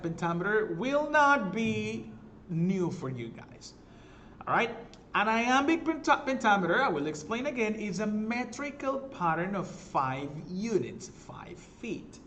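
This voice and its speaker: A man's voice: sits high, a bit bright, a little hiss or hum. A man teaching a recorded literature lesson, explaining step by step, often checking in with "all right?" and correcting himself as he goes. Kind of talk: recorded class lecture.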